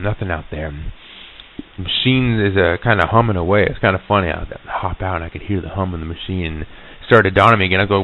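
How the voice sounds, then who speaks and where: Low, gravelly male narrator, halting and stammering, recorded on tinny old tape. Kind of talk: recorded storytelling monologue.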